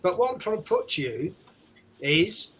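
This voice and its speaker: A man's voice: high-pitched, sing-song, moderate pace, fairly bright tone, low-quality recording. A man co-hosting a casual chat on a video call, insistent, swearing and repeating himself. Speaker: co-host.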